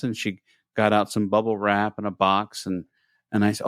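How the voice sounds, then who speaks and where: Low-voiced man telling an animated story. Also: a little fast, no echo, studio quality. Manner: animated storyteller, acts out quotes in raised voices. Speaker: podcast co-host. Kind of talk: casual storytelling chat.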